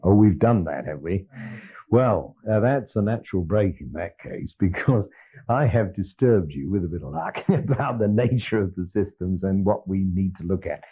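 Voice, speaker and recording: A man's voice: sits low, moderate pace, slightly rough. Older male lecturer on a lo-fi archival tape. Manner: animated, acts out dialogue, laughs often. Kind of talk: lecture with storytelling.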